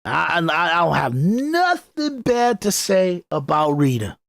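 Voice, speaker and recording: A man from Detroit hosting a podcast, talking in animated, repetitive, emphatic commentary. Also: a little high, takes it slowly, gravelly, no echo. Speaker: podcast host.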